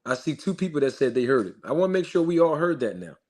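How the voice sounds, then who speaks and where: A man's voice: fairly high pitch, sing-song, quick pace. Man hosting a hyped live stream. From Philadelphia. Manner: hyped, shouts out viewers, repeats himself emphatically. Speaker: livestream host. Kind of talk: live-stream chat and commentary.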